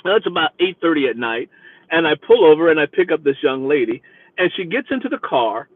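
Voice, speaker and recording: Animated man telling stories, tinny line. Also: fairly high pitch, fairly quick, dry recording. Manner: animated, chatty, wry. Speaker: rideshare driver telling stories. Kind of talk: storytelling monologue. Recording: dry tinny phone-like line.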